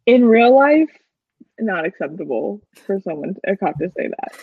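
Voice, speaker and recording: Animated and enthusiastic, this podcast co-host throws quick, laughing asides into a casual fan recap. She has a husky, medium-pitched voice, captured in a dry, dull lo-fi recording.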